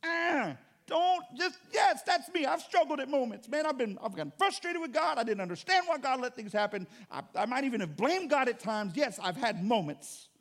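A man preaching a sermon as pastor, animated and conversational, with joking asides to the congregation. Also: very high-pitched, moderate pace, hardly any pauses.

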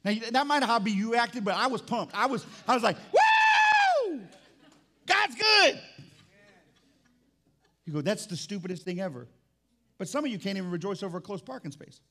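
A man preaching a sermon as pastor in a church, animated and jokey, swinging from loud excitement to quiet emphasis. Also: high-pitched, fast talker. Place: church sanctuary.

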